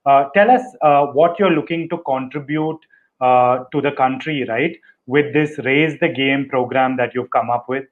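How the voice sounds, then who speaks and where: A man's voice: mid-range voice, moderate pace. A man hosting a live online interview, asking questions with frequent fillers and "right?" tags. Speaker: host of a live fundraiser interview. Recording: dull lo-fi audio.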